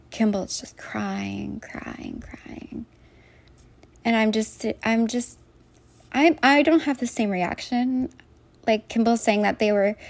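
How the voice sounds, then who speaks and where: Rambling woman with a gravelly voice. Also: fairly high pitch, no room sound. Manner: meandering, heavy on fillers and restarts. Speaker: vlogger. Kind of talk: casual rambling monologue to viewers.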